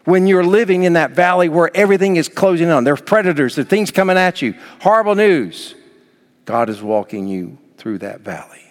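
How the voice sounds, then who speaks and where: A man's voice: a little high, lively intonation, moderate pace. Man preaching in a reverberant hall. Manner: dynamic preaching, rising to near shouts then dropping soft. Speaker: pastor. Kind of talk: sermon.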